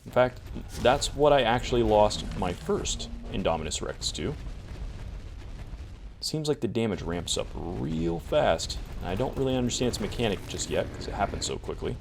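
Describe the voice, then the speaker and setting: A man's voice: lowish voice, sing-song, moderate pace, vocal fry, noisy background. A man giving casual, chatty commentary while he plays a survival game, talking to himself as he goes. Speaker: gameplay video creator. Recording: music playing behind the voice.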